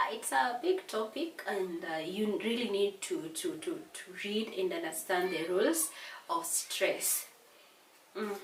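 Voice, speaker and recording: Tired woman from kenya going over english exam stuff, real slow, echoey room, a bit far from the mic. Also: medium pitch, a bit bright. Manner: slow, repeats words to stress syllables, frequent fillers. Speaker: English teacher. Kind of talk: exam revision lesson. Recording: echoey room from a distance, faint hiss.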